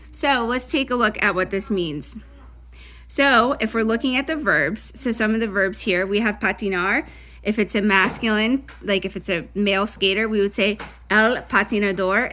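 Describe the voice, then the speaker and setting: A woman's voice: mid-range voice, fairly bright tone. A woman Spanish teacher giving a recorded lesson, chatty, correcting herself, with Spanish terms mixed into her English.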